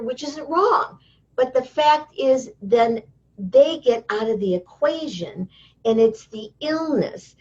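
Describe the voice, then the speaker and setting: Lively storytelling woman on a dull line. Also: fairly high pitch. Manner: lively storyteller who acts out quoted voices. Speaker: interview guest, healing teacher. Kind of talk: casual interview talk. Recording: dull lo-fi sound.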